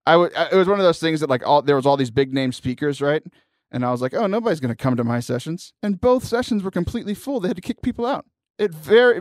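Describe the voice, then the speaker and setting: A man hosting a casual comedic radio show, energetic and rambling, laughing between jokes. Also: on the high side, dry recording, studio quality. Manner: energetic, jokey, rambling with restarts. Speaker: podcast host. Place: radio studio.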